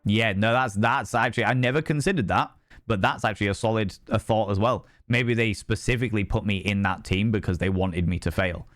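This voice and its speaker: A man in his thirties talking casually on a live stream, candid and profane, rambling and breaking into animated outbursts. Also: fairly low pitch, brisk, soft background music.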